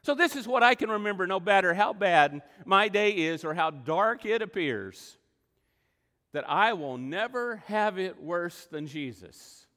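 Man, pastor's sermon, high-pitched, swings from loud to hushed, long echo of a church hall. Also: animated, a little slow. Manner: emotional, with sudden swings between loud emphasis and quiet asides. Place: church sanctuary.

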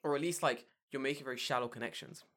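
A man's voice: mid-range voice, quick pace. Swearing, storytelling man, casual chat. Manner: swearing, animated storytelling with mocking put-on voices.

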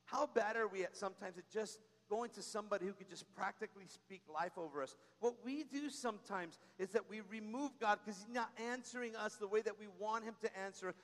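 A man's voice: high voice, a little fast, hardly any pauses. A man preaching a sermon as pastor, exhorting the congregation with call-and-response. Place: church sanctuary. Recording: long reverb of a large hall.

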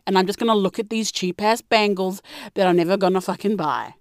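A young woman, ranting and telling stories in a brash, profane way, with sudden high-pitched outbursts. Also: brisk, dry recording, studio quality. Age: young adult. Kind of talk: profane storytelling rant to camera.

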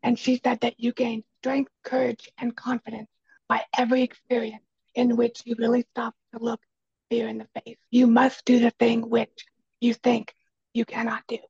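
A woman with a quiet, raspy voice, talking earnestly as a guest on an interview, stressing key phrases by repeating them. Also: on the high side, completely flat delivery, normal speed, dry recording, lo-fi sound. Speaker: podcast guest, speaker and kitchen coach. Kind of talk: casual conversation.

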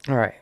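A young man delivering a swearing, animated comic rant, often checking in with "right?". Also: no room sound, clean studio sound.

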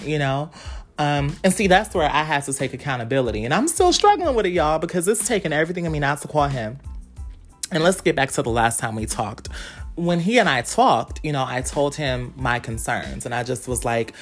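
Low-voiced woman, frank and slangy. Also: animated, a little fast, faint music behind. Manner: frank and explicit, slangy, talks straight to listeners. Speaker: podcast host. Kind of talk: candid casual monologue.

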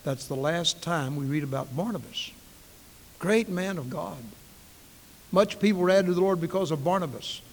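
A man preaching a sermon as pastor, emphatic, swinging between hushed and loud passages. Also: fairly high pitch, moderate pace, long reverb tail, slight background noise.

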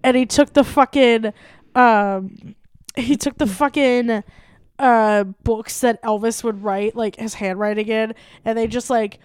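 A woman co-hosting a comedy podcast, joking and swearing freely in animated chat. Her voice is a little high and notably smooth and clear. The recording is dry and close. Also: unhurried, no room sound. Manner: animated, profane, jokey. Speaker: podcast co-host.

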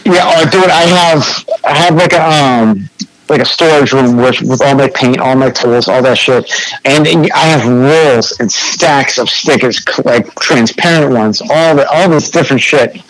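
A man's voice: medium pitch, unhurried, fairly bright tone, low-quality recording. A young man with a New England accent, a graffiti artist telling a story as a podcast guest in a laid-back, swearing, filler-heavy way. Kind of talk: casual storytelling chat.

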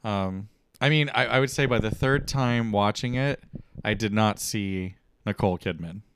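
A man co-hosting a podcast in casual chat, enthusiastic and halting with restarts. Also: on the low side, a bit bright, smooth, no echo. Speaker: podcast co-host.

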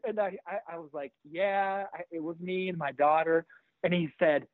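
A middle-aged man, a pastor and author, telling a personal story in an interview with animated energy, acting out the voices of the people in it. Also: fairly high pitch, moderate pace, no room sound. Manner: animated, acts out quoted voices. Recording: tinny phone-like line.

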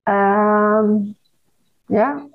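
A middle-aged woman whose first language is Hebrew, speaking as a guest author in an interview, earnest and halting with frequent restarts. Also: mid-range voice, phone-quality sound, faint music behind. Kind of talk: conversational interview.

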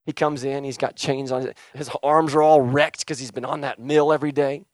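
A male preacher delivers a sermon with fervent intensity, his voice rising to urgent calls and then dropping to a hushed telling. His pitch sits in the middle range. The recording is dry and close, with little room sound. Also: fairly even intonation, brisk, no room sound. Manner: impassioned, swings from shouting to hushed.

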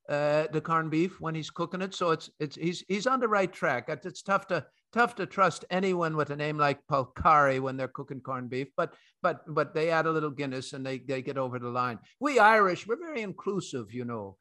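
A man's voice: fairly high pitch, normal speed, hardly any pauses, fairly bright tone. A man hosting a financial talk show, chatty and jovial, with frequent fillers and restarts. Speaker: host and chief market strategist.

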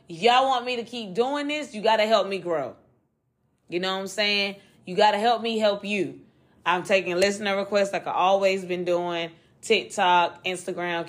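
A woman hosting a true-crime podcast alone, talking casually and quickly in loose slang and swearing freely. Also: medium pitch. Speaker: podcast host. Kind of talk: casual solo podcast chat.

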